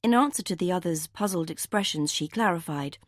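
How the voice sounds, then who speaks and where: Measured woman audiobook narrator. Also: lowish voice, lively intonation, dry recording, clean studio sound.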